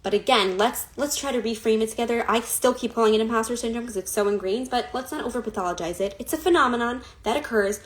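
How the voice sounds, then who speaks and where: A woman's voice: on the high side, fast, hardly any pauses. Chatty woman coach, filler-heavy talk. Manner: chatty, many fillers and laughs. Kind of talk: Instagram live talk.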